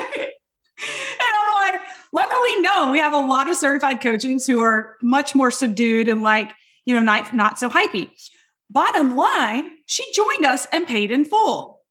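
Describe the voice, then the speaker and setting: Loud, emphatic and animated, this woman coaches her audience in a high voice at a measured pace. She hosts a podcast as a business coach, speaking straight to listeners and often asking "right?" or "okay?" during her energetic teaching.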